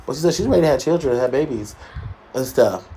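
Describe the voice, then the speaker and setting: A man's voice: animated, fast talker, dark tone, slight background noise. A man co-hosting a casual gossip talk show, sassy and emphatic, full of shade. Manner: sassy, shady, emphatic with big pitch jumps. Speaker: co-host.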